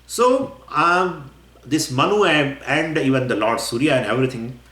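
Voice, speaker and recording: A man lectures on scripture in a voice of middling pitch. He is animated, acts out questions from his listeners and chuckles between points. The room has a noticeable echo. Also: normal speed. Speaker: spiritual teacher. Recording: roomy echo.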